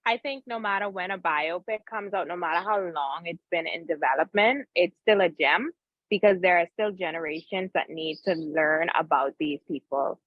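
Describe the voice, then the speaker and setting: A woman in her thirties, a research analyst on a talk panel, easygoing and quick to laugh. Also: lowish voice, no echo. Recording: slightly dull mic, dry.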